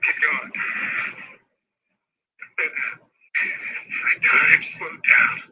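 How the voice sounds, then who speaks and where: Slow, husky-voiced man reflecting. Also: a little high, steady tone, bright, forceful tone, rough recording. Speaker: interviewee. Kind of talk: emotional documentary interview.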